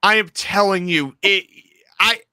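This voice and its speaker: A man's voice: high-pitched, a little slow, pushed and bright, smooth, no echo, clean studio sound. A man co-hosting a casual podcast, emphatic and profane as he gives blunt opinions. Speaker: podcast co-host. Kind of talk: casual chat.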